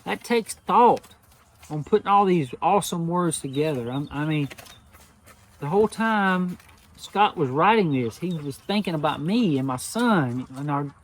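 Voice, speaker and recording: A man's voice: a little high, lively intonation, moderate pace. Humble, emotional older man. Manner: emotional, humble, repeats himself. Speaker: knife channel host. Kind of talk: casual heartfelt talk to viewers.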